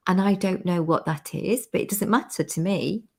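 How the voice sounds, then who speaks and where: A woman's voice: lowish voice, normal speed, creaky, darkish tone, husky. A woman hosting a casual interview on a video call, telling anecdotes in a chatty way and acting out what people said. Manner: chatty storyteller, laughs, acts out quoted people. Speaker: interview host.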